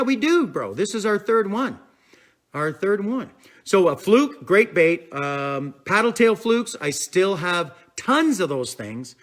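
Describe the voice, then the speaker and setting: A man's voice: a little high, a bit bright. Chatty man hosting a fishing live stream. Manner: chatty and rambling, with fillers like "I'm telling you" and "man"; reads out and answers viewer comments as they come in. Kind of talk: casual live-stream chat.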